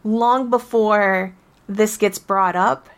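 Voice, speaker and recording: A woman co-hosting a casual game podcast, telling her story with emphatic, animated restarts. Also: mid-range voice, takes it slowly. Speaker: podcast co-host.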